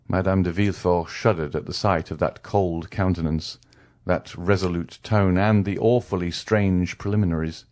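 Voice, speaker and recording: A man narrating a classic novel as an audiobook, reading in a measured way. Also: low-pitched, steady tone, darkish tone. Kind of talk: scripted narration.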